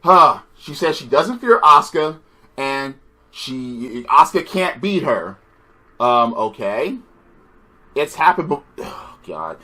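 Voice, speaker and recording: A man's voice: medium pitch, sing-song, slow pace, pushed and bright. A man giving a profane, sarcastic, exasperated rant reviewing a wrestling show.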